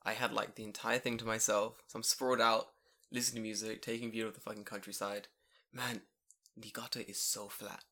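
A man co-hosting a casual podcast, swearing a lot and telling animated stories with put-on voices. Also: fairly low pitch. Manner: fast, profane, animated storytelling with put-on voices. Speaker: podcast co-host. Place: home recording room.

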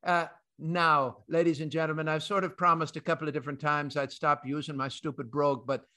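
Bright-voiced jovial male radio host. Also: on the high side, level tone, fairly quick. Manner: chatty, jovial, many fillers and restarts. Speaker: host and chief market strategist. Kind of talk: financial radio talk.

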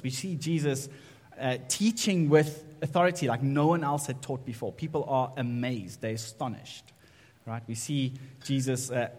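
A man's voice: mid-range voice, in a large hall. A man preaching a sermon in a church, talking in a conversational way and often checking in with "right?" and "okay?". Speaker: pastor.

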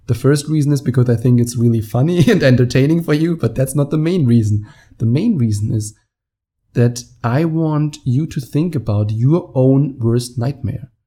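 A young man with a German accent talks straight into the mic, laughing now and then as he acts out what people said. His voice is very dark and mellow, with a relaxed tone. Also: medium pitch. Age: 20s. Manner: animated storyteller, laughs often, acts out quotes. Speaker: podcast host. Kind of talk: casual monologue.

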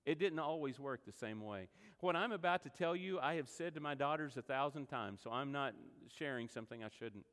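Animated preacher in a reverberant hall. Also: male voice, medium pitch, fairly quick, few pauses. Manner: animated storytelling, acts out quoted voices. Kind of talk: sermon. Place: church sanctuary.

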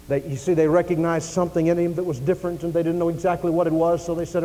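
A male preacher delivers a dramatic sermon in a church, acting out dialogue and swinging between loud declarations and hushed asides. His voice sits high for a man. A long reverb from the large sanctuary trails each line. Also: little pitch movement, fast, hardly any pauses.

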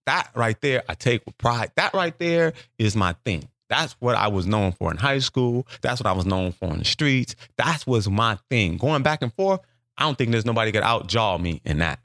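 A man telling a profane story in a loose, animated way, jumping up in pitch to act out the people in it. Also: normal speed, dry recording, clean studio sound. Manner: animated, profane, acts out quotes with big pitch jumps. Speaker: comedian telling a story as a podcast guest. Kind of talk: casual storytelling.

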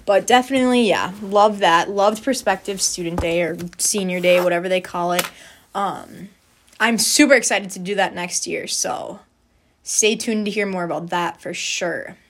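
A woman's voice: lowish voice, moderate pace, slight background noise. A young woman, a college student, chatting casually about her freshman year, bubbly and full of "like" and "um". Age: young adult. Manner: chatty and bubbly, heavy use of "like" and "um". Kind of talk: casual storytelling chat.

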